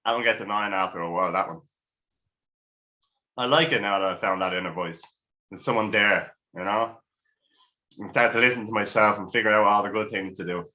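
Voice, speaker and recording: Crude rambling comic. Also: male voice, fairly low pitch, brisk, pauses often, pushed and bright, highs cut off. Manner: crude, rambling, self-mocking. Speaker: stand-up comedian. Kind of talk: stand-up routine.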